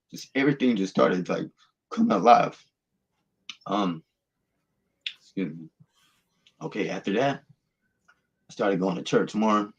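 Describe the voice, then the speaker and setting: A man's voice: on the low side, lo-fi sound. A man, earnestly telling his personal testimony as a guest, rambling through the story with restarts.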